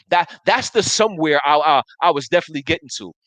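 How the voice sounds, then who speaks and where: A man's voice: a little high, animated, a little fast, fairly bright tone, no echo, poor audio. A man in his thirties hosting a live sports talk show, arguing emphatically and restarting his sentences as he reads viewer comments. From Buffalo area, US. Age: 30s.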